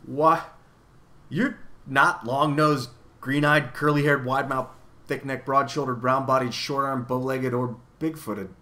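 A man's voice: mid-range voice, steady tone, a little slow, pushed and bright. A man voicing a curious young boy who speaks earnestly and indignantly.

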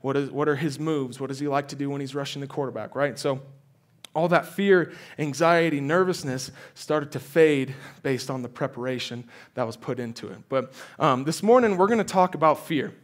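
At normal speed and medium pitch, a young guest speaker preaches by recounting a personal story. The delivery is loose and animated, with plenty of fillers and restarts.

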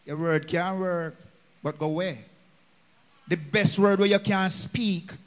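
A man's voice: high-pitched, fairly even intonation, slow pace, big-room sound. A man with a Jamaican accent preaching a sermon in a church, slipping into patois and chanting his lines in a sung cadence. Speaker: minister.

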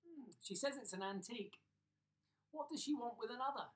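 A man's voice: extremely high pitch, lively intonation, fairly quick, recorded from a distance, pitched above the performer's own voice. A man voicing a gossipy village shopkeeper woman in a storybook reading, knowing in tone.

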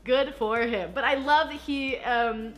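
A young woman recaps a film she just saw, chatting casually with a high, somewhat bright voice at a measured pace. She's self-deprecating, giggles often, and acts out lines as a film reaction host.

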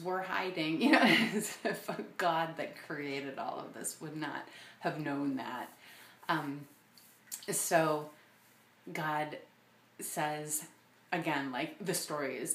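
A woman's voice: deep voice, echoey room. A woman hosting an episode, thinking aloud in a casual, hesitant way with many fillers and restarts. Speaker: podcast host. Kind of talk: casual reflective monologue.

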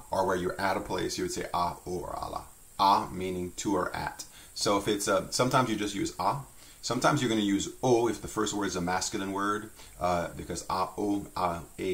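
A man teaching a French language lesson, relaxed and chatty, with frequent fillers and restarts. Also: low-pitched, normal speed, creaky.

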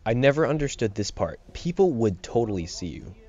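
A young man laughs often while giving rambling, jokey commentary on his let's play. He sounds very animated and fairly quick, with a medium-pitched, slightly mellow voice, over game music on a slightly dull home mic.

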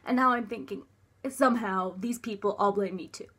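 Young woman, breathy husky voice, halting personal storytelling, many restarts and fillers, drops near a whisper. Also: medium pitch, fairly bright tone. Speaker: vlogger.

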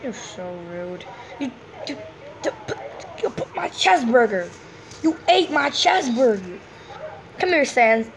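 A woman giving casual, excitable gameplay commentary, full of playful hums and sing-song noises. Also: on the high side, measured pace, pauses often, a little hiss or hum. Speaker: gameplay streamer.

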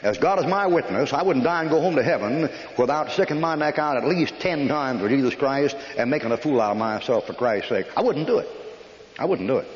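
A man's voice: on the high side, highs cut off. Older man preaching, echoey old hall recording. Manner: folksy storytelling with rough army anecdotes; blunt, scolding, emphatic. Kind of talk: sermon. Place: church hall.

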